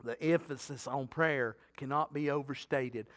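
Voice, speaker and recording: A man's voice: medium pitch, unhurried, fairly bright tone. A middle-aged man preaching a sermon in a folksy, talkative way, often asking the congregation questions. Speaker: pastor.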